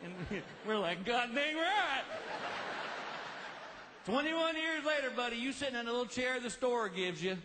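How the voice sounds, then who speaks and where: A middle-aged man doing a lively stand-up comedy routine, telling stories and acting out quick voices. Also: extremely high pitch. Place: large live venue with audience. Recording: live show with crowd noise.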